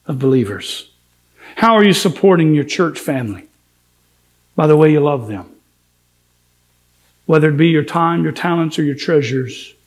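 Speaking in a somewhat high voice, a pastor delivers a sermon with earnest emphasis. He voices the quoted words of biblical figures as he preaches.

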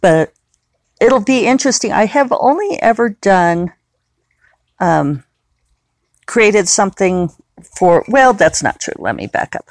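Lower-voiced woman with a dry sound. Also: no room sound. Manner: rambling, often correcting herself. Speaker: novelist. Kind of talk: casual solo podcast chat.

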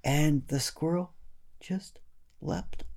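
A man narrating a children's story in a gentle, unhurried way. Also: on the high side.

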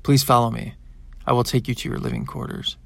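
A man's voice: mid-range voice, level tone, brisk, vocal fry, dry recording. A man voicing a polite young male hybrid crewman in an audiobook.

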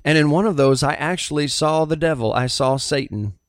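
A middle-aged pastor with a Southern US accent telling a personal testimony in an earnest, halting storytelling way. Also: male voice, fairly high pitch, no echo, clean studio sound.

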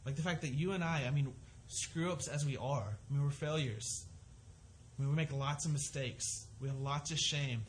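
A man's voice: mid-range voice, moderate pace, a little hiss or hum. A man preaching a sermon, earnest and conversational, often restarting his sentences as he works through a scripture passage. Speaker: pastor.

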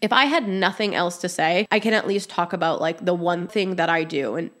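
A woman's voice: on the low side, a little fast, fairly bright tone. A woman in her thirties hosting a podcast, talking casually and openly, full of "like" fillers and acted-out quotes. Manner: chatty, many "like" fillers, acts out quoted voices. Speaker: podcast host. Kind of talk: casual solo podcast talk.

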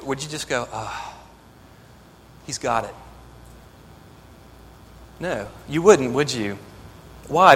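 A man's voice: a little high, fairly bright tone, big-room sound, slight background noise. A man preaching a sermon as pastor, earnest and building to emphatic exhortation.

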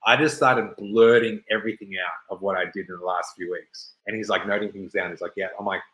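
A man's voice: lowish voice, a little fast. A man from Melbourne in his thirties, telling a rambling personal story with lots of swearing and acted-out quotes. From Melbourne, Australia. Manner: rambling, animated, swears freely, acts out quotes. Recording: roomy echo.

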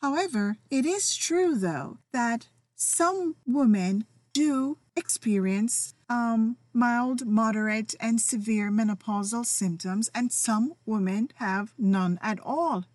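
A middle-aged woman talks through her own story on a podcast, feisty and emphatic, leaning hard on key words. Her voice sits a little high and she takes her time, unhurried and deliberate. The recording is close and completely dry. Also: a little mellow, no echo. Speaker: podcast host. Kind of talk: personal podcast monologue.

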